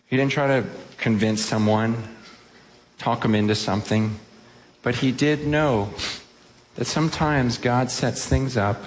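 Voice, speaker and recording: A man's voice: mid-range voice, measured pace, long reverb tail, slight background noise. A man preaching a sermon to a congregation in a church, speaking earnestly and with emphasis. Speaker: pastor. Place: church hall with a live audience.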